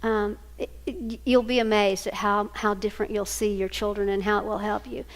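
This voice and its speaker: A woman's voice: mid-range voice, little pitch movement, normal speed. An older woman giving a storytelling talk to single parents, homey and anecdotal, acting out family dialogue. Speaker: speaker at a single-parent ministry event.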